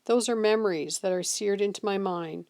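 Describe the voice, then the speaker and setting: A woman's voice: medium pitch, moderate pace, a little mellow, close to an everyday voice. A woman voicing a weary, drunk middle-aged male veteran who talks in a slurred, haunted way.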